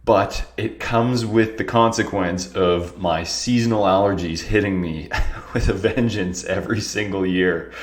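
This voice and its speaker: Young male podcast host, very low voice, stuffed-up and nasal, earnest and reflective, roomy echo. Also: unhurried. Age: young adult. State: congested, nasal from allergies. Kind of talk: solo podcast talk.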